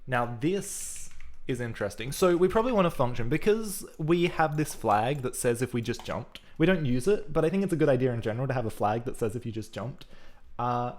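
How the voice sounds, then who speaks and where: A man of ordinary pitch chats through his programming on a live stream, thinking aloud in a loose, casual way. Keyboard typing can be heard behind him. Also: animated, brisk. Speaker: programming livestreamer. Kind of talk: live coding commentary.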